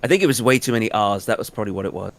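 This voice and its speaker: A man with a British accent chatting casually as a voice actor on a livestream, playful and halting. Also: on the low side. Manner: playful, trails off and restarts.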